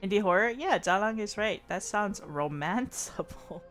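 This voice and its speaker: A woman's voice: medium pitch, moderate pace, soft background music. A woman streamer chatting casually, giggling often as she talks. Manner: giggly, animated, laughs often. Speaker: streamer host.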